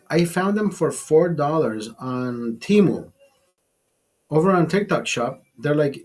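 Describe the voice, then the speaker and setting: A man's voice: on the high side, darkish tone, breathy edge. A man hosting a live stream, chatting casually over a beer, rambling and swearing, laughing at his own jokes. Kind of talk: casual chat over beers.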